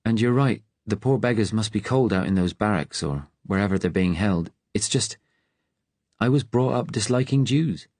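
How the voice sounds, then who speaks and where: A man's voice: on the low side, animated, moderate pace, a little mellow, no echo, voice pushed up. Jane, a man voicing a flustered housewife.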